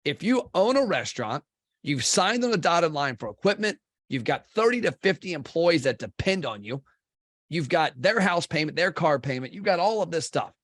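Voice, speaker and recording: Blunt middle-aged guy from kentucky, swears casually, kinda high voice, really dry sound. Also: sing-song, moderate pace, fairly bright tone, no room sound. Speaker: podcast guest, restaurant marketing CEO. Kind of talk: blunt conversational interview.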